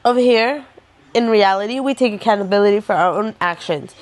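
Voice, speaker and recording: A woman's voice: fairly high pitch, brisk, darkish tone. A young woman from the United States chatting casually at home as a book vlogger, recapping and ranting with bursts of laughter. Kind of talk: casual chat.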